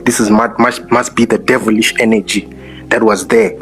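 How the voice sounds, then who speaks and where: A man speaks earnestly on a live-stream panel, stalling often with fillers. His voice sits fairly low. Faint music plays behind him on the phone mic. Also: fairly even intonation, normal speed, fairly bright tone. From South Africa. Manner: hesitant, many fillers, earnest.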